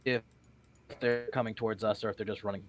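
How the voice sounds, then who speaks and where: A man's voice: fairly low pitch, steady tone, racing. A man playing a tabletop game, chatting casually with sarcastic jokes. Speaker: player.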